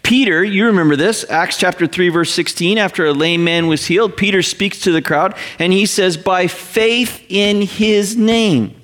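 A middle-aged man preaching a sermon to his church in a conversational, animated way, often acting out the voices he quotes. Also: high-pitched, brisk, hardly any pauses. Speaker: pastor.

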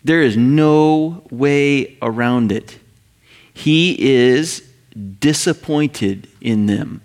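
A middle-aged man preaching a sermon to his church in a conversational, animated way, often acting out the voices he quotes. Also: medium pitch, drawn-out words. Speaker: pastor.

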